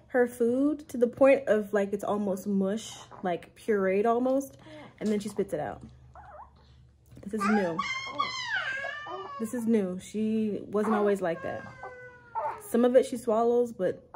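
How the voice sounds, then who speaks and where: A woman's voice: medium pitch, noisy background. A young woman and mother chatting frankly and animatedly in a casual vlog. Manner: animated, frank, talks with lots of "like". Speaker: vlogger and mom.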